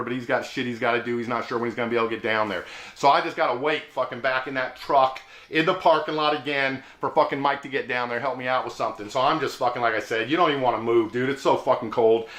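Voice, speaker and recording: A man's voice: medium pitch, fairly bright tone. A man hosting his own channel, telling a story in a laid-back way, swearing a lot and saying "dude.". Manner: profane, laid-back, says "dude" often. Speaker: vlog host. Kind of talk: casual storytelling. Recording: roomy echo.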